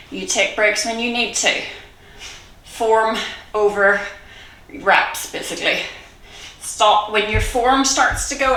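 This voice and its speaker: A woman coaching a live online kettlebell workout, encouraging and out of breath, cueing reps with quick laughs. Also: medium pitch, pushed and bright, far from the mic. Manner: encouraging, breathy between cues, laughs often. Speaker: kettlebell fitness instructor. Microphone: video call. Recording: echoey room, voice a bit off-mic.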